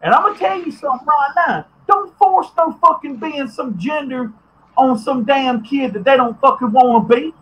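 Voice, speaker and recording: A man's voice: very high-pitched, expressive, moderate pace, fairly bright tone, low-quality recording. A man hosting a podcast, ranting bluntly and profanely, getting heated at times. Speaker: podcast host. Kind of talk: ranting commentary.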